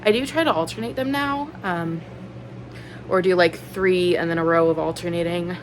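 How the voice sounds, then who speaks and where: A woman's voice: fairly low pitch, moderate pace, slight background noise, rough recording. A woman in her thirties chatting casually on her book vlog, rambling earnestly with lots of "like" and "um". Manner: rambling, filler-heavy, with many likes and ums; earnest and openly emotional. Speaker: book vlogger.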